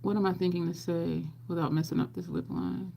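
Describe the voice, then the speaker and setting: A woman's voice: on the low side, little pitch movement, fairly quick, creaky, mellow, slight background noise. Chatty middle-aged woman doing makeup live. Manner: chatty, reads and answers live chat, laughs often; acts out quoted people in her stories. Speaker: makeup livestream host. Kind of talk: casual chat while doing makeup.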